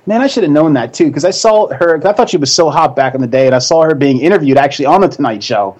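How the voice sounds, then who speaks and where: Rambling lively New man. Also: a little high, quick pace, muffled recording. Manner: rambling, laughs a lot, many fillers. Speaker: co-host. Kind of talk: casual chat.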